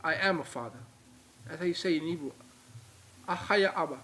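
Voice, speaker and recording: A man's voice: fairly high pitch, fast talker, sharp tone, a little hiss or hum. A man giving an informal religious lecture, repeating points and speaking straight to his viewers. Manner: emphatic, repetitive, addresses viewers directly. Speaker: religious teacher.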